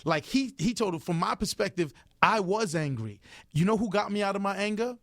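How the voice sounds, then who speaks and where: A man's voice: high voice, lively intonation, a little fast, a bit bright, no room sound. A man talking as an interview guest in a radio studio, emphatic and full of stories, repeating phrases for emphasis. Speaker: interview guest, record executive. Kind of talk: animated radio interview talk. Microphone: studio microphone.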